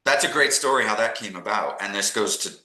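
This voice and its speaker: Low-voiced middle-aged canadian guy, really bright forceful tone, echoey room, telling stories and doing the voices. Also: a little fast. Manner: animated storyteller acting out quoted people. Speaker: guest. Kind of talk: casual storytelling interview.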